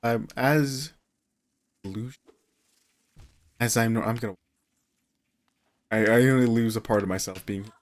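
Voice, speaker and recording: A man's voice: medium pitch, measured pace, pauses often. Tired, rambling man streaming. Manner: rambling, self-deprecating, trails off mid-sentence. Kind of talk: casual gameplay streaming commentary.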